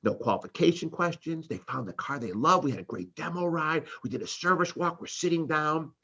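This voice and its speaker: A male sales trainer with a bright, slightly husky voice that swings widely up and down as he talks. He teaches live and keeps acting out little exchanges between customer and salesperson. The recording sounds dull and lo-fi. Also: on the high side, a little fast.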